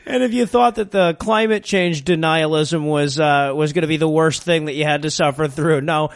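A man's voice: a little high, moderate pace, creaky, no echo. Sarcastic man with a dry close voice. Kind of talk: casual podcast chat.

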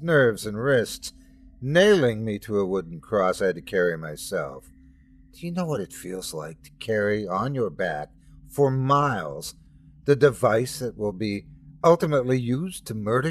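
A man's voice: lowish voice, sing-song, a little slow, breathy edge, exaggerated voice. A man voicing Jesus as an indignant, resentful young man who complains about his father. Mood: aggrieved.

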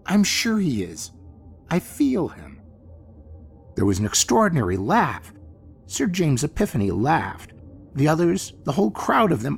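A man reads a classic horror tale with theatrical expression, his gravelly voice rising and falling widely. Faint music plays beneath him. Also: medium pitch. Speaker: narrator. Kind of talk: dramatic horror story reading. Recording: faint music bed behind.

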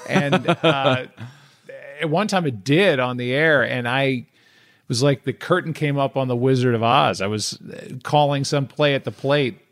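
A man's voice: mid-range voice, a little slow, a bit bright. A man co-hosting a podcast, telling stories in a casual, wry and joking chat. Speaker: podcast co-host.

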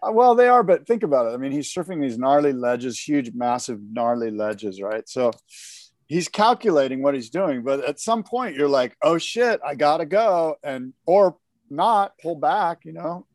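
A man co-hosting a podcast, chatting casually about surfing in an animated, rambling way with many fillers. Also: mid-range voice, moderate pace, dry recording, studio quality. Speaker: podcast co-host. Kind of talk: casual surf talk chat.

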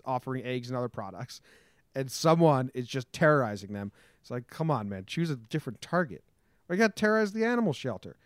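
A man's voice: on the high side, no echo, studio quality. A man co-hosting a podcast, chatting casually and telling stories with lots of energy, swearing and acting out quotes. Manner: animated storytelling, swears, acts out quotes. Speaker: podcast co-host. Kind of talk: casual comedic chat.

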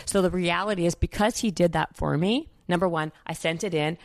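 A woman from Canada tells a long personal story in a casual interview. She speaks in a slightly low, animated voice, stringing her sentences together with fillers and acting out every quote. The sound is close and dry, with no room around her. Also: a little fast, few pauses, no echo. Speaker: guest.

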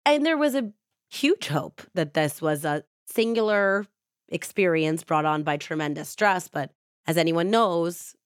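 A woman's voice: fairly low pitch, expressive, a little slow, no echo, studio quality. A woman podcast host telling a true crime story in a casual, chatty way, with frequent "like".

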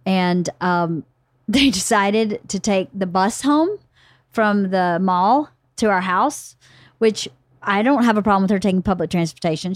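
Woman podcast host, lively storyteller, middle pitch, dry close mic. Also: no echo. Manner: animated, acts out quotes. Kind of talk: casual storytelling chat.

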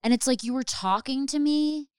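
A woman hosting a casual conversation, talking in an amazed, halting way with many fillers. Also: high-pitched, smooth, no room sound, clean studio sound. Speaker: host.

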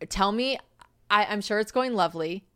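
A young woman hosts a casual podcast chat at a middle pitch. She tells stories with animated energy, acting out what people said and swearing freely. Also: normal speed, smooth. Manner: animated storytelling, acting out quotes, frequent swearing. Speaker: podcast host.

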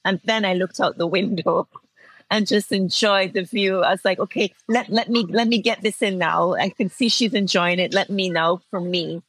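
A woman's voice: mid-range voice, normal speed, a bit bright, slightly rough, dry recording, low-quality recording. A woman in her forties with an Antiguan accent, speaking as an interview guest and telling her story with feeling and frequent laughter. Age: 40s. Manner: heartfelt storytelling, laughs often. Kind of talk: interview conversation.

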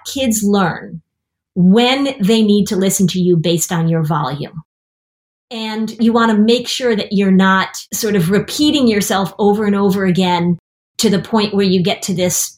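A woman's voice: mid-range voice, a little mellow. A middle-aged woman therapist talking on a podcast, explaining things and acting out parent and kid quotes. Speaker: therapist and anxiety expert. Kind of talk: podcast talk.

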